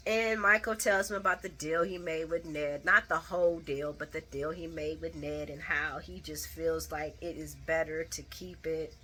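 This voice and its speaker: A woman casually retelling a soap opera episode for her channel, chatty and animated, with frank asides about the characters. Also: deep voice, moderate pace, hardly any pauses, husky. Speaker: soap opera recap vlogger.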